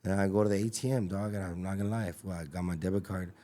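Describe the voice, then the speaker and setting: A man's voice: deep voice, fairly even intonation, quick pace, mellow. A man, telling his story as a podcast guest in an emphatic, slangy way. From Los Angeles, USA. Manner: emphatic and slangy, with many fillers and repeats. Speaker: podcast guest, taco business owner. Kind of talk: casual storytelling.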